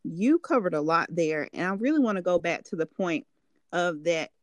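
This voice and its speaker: A woman's voice: lowish voice, animated, normal speed, no room sound. A woman hosting a faith podcast, affirming and encouraging her guest in casual talk. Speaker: podcast host.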